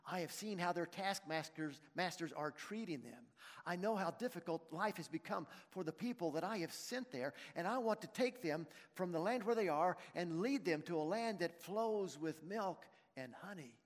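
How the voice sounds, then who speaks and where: A preacher doing a hushed solemn divine voice. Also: male voice, high voice, expressive, moderate pace. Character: God as a deep solemn voice from a bush. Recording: long reverb in a large hall.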